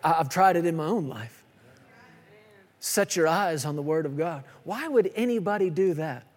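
A man's voice: fairly high pitch, expressive, normal speed. A man in his thirties preaching a sermon, emphatic and repetitive with playful asides. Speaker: pastor. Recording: long hall reverb.

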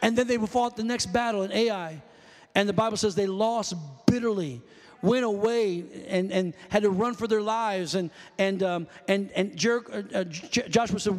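A man preaching a fervent sermon in a church, often shouting calls to the congregation. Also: sits high, normal speed. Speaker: pastor. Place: church sanctuary. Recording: long hall reverb.

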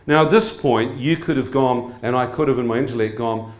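Animated New preacher, echoey hall. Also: male voice, medium pitch, a little fast, few pauses, slight background noise. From New Zealand. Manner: animated, asks the crowd questions. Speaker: evangelist. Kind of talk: sermon testimony.

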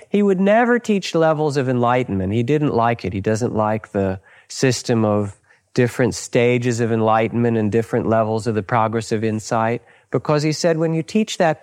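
A man giving a dharma talk as a meditation teacher, speaking in a calm, unhurried and gently instructive way with personal stories. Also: mid-range voice.

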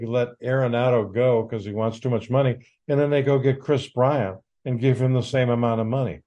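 Man, exasperated sports rant, sarcastic, rambling, mellow dark tone. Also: mid-range voice. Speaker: podcast host. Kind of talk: ranting sports commentary.

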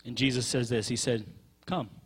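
A man's voice: high-pitched, a little slow. A man preaching a sermon with passion, stretching key words and repeating phrases for emphasis.

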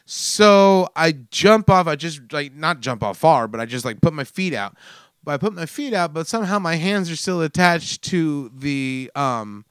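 A man in his forties with a smooth, resonant voice tells a rambling, profanity-laced story. He acts out his own mishap with lively energy. The sound is dry and close. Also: a little high, moderate pace, no echo. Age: 40s. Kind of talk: casual storytelling chat.

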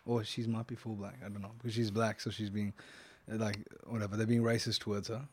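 A man's voice: on the low side, level tone, quick pace, darkish tone, a little hiss or hum. A man co-hosting a casual podcast chat, teasing and impatient, often cutting in. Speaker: podcast co-host.

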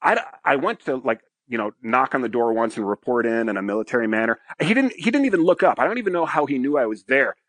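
Middle-aged man, podcast guest, lively bright voice, dry close mic, crude animated storyteller. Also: medium pitch, quick pace, few pauses, dry recording. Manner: animated, crude, frequent "right?" tags. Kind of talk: casual storytelling.

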